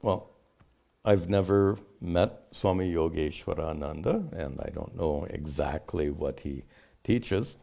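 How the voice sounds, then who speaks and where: A man, a spiritual teacher, answering questions in a measured, explanatory way. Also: low-pitched, expressive, gravelly, mellow. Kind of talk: unscripted teaching talk.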